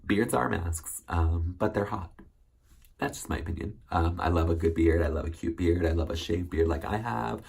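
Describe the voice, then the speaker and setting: A man's voice: low-pitched, normal speed, gravelly, a little mellow, husky. A man hosting a solo recap show, chatting casually and rambling with many ums and self-corrections. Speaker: recap host.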